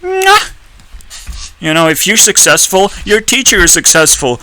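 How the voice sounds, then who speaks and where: A man ranting on a video channel, swearing a lot and breaking into sudden high-pitched outbursts. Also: wildly swooping pitch, a little slow, pauses often, pushed and bright, rough recording. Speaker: YouTuber. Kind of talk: ranting commentary.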